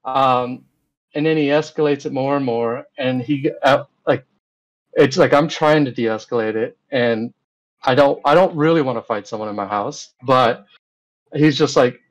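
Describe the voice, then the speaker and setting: A man of ordinary pitch talks loosely as an interview guest, padding his story with fillers and retelling back-and-forth dialogue. The audio is a little dull, with the top end rolled off. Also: normal speed. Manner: rambling, with many fillers and retold dialogue.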